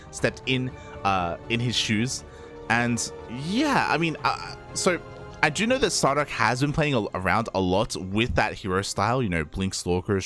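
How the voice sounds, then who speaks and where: A man casting a live esports match, chatty, with many fillers and frequent laughs. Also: lowish voice. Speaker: esports caster. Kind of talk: live game commentary.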